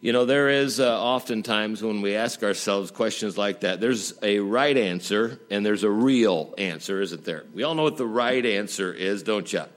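A man preaching a sermon, talking conversationally and asking the congregation rhetorical questions, with folksy humor and emphatic rises that drop to quiet asides. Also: normal speed, few pauses. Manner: dynamic, swinging between emphatic highs and quiet drops. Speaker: pastor.

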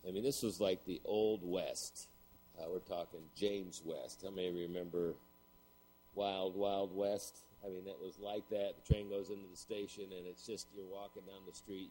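A man's voice: low voice, dark tone, slight background noise, poor audio. A middle-aged man preaching a sermon, telling a story and then building to emphatic points. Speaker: pastor.

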